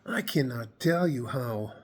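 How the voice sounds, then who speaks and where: A man's voice: mid-range voice, lively intonation, unhurried, a little mellow. Man, casual storytelling vlog, rambling, frequent laughter, swearing. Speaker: vlogger.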